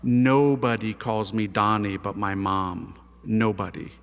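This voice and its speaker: A priest telling his conversion story to an audience, a lively storyteller using casual slang and rhetorical questions. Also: on the low side, slow pace, smooth. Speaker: priest giving a conversion testimony. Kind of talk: animated testimony talk to an audience. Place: large hall with a live audience. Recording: reverberant hall.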